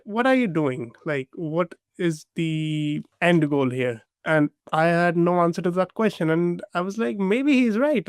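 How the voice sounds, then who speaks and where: A young man from India, a guest recounting his side of a relationship in a measured, halting way with many fillers. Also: on the high side, clear, resonant tone, no room sound, clean studio sound. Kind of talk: casual storytelling conversation.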